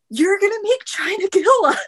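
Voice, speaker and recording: Giggly high-voiced woman in a party game. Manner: giggly, nervous, swears and laughs often. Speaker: player. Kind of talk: improvised wrestling promo game.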